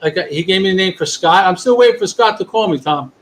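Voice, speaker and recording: A man hosts a relaxed conversation and rambles freely from one topic to the next. His voice sits a little high for a man. A faint hiss of noise runs under the recording. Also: fast talker, low-quality recording. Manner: rambling, jumps between topics. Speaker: podcast host. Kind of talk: casual chat.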